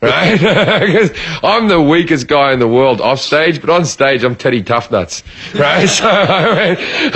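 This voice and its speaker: A man's voice: fairly high pitch, a little slow. An Australian man, a comedian, telling a profane story in casual podcast chat and acting out the lines of the people in it. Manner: profane, animated, acts out quoted lines.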